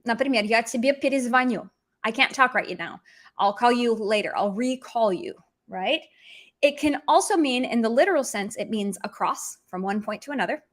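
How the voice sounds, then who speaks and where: A woman teaching an online language lesson, talking in a chatty way and acting out sarcastic examples. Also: on the high side.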